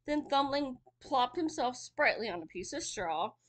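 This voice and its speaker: A woman's voice: high voice, animated, measured pace. Chatty woman reading a fairy tale. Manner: chatty asides between reading. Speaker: storyteller. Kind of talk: casual read-aloud of a fairy tale.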